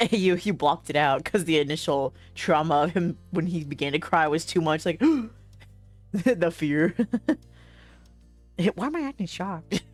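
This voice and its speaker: A young woman streaming, reading a story game aloud and reacting with frequent laughter, excitable and giggly. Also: sits low, unhurried, no room sound, faint music behind.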